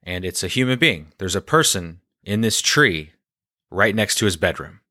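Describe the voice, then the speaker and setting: A man hosting a storytelling podcast, recounting a personal story in a deadpan, conversational way. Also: deep voice, normal speed, no room sound, studio quality.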